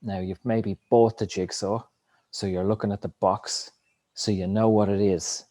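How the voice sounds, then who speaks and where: A man with a fairly low voice talks through big ideas in a loose, wandering way, tossing in the odd curse word. The sound is dry and close, with no room around him. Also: level tone, measured pace, mellow, no room sound. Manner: rambling, reflective, swears casually. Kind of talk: casual spiritual monologue.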